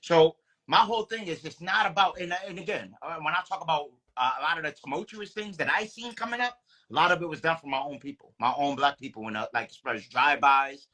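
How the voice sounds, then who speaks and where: A man with a bright, forceful voice, preaching earnestly and circling back to his points. He speaks in a relaxed podcast conversation, pitched a little above the usual male range. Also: fast talker. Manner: earnest, preachy, repeats phrases. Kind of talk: casual chat.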